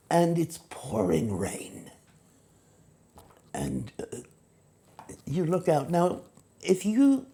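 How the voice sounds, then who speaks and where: A woman, an acting teacher, explaining technique in a lively way and acting out short examples. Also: low-pitched. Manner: animated, acts out examples in quoted voices. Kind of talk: teaching talk to camera.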